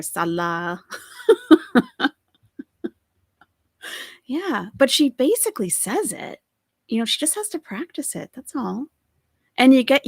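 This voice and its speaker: A woman's voice: mid-range voice, no echo, studio quality. A woman hosting a live stream, commenting on a clip and chatting with viewers in their comments. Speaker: commentary channel host.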